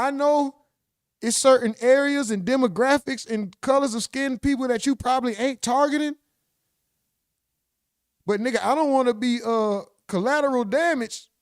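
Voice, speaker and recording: Streamer, male, high clear voice, rowdy live reactions. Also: no echo, clean studio sound. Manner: loud, excitable, profane.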